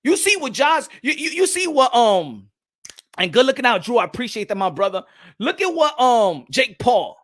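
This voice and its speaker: A man's voice: very high voice, sing-song, normal speed, a bit bright. A man hosting a live boxing stream, ranting heatedly and greeting viewers in the chat, with profanity and lots of repeated words. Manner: greets chat viewers by name mid-rant. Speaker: boxing commentary host.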